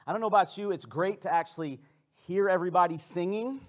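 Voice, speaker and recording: A man with a high voice preaches to his congregation. His sermon is loose and conversational, playful in tone and full of quick restarts. He is speaking in a church sanctuary. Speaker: pastor.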